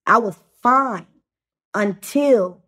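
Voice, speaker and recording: A woman's voice: a little high, a bit bright. A young adult woman, a podcast guest, talking in a casual storytelling way, full of fillers and restarts. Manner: halting, many fillers and restarts.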